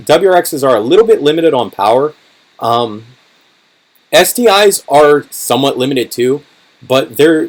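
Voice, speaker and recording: A man with a hoarse, tired voice hosts a relaxed livestream and chats casually with viewers. His pitch sits in an ordinary middle range. He speaks loosely and fills gaps with plenty of "um"s. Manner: chatty, many fillers, car-enthusiast talk. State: hoarse, voice worn out. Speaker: channel host answering live chat.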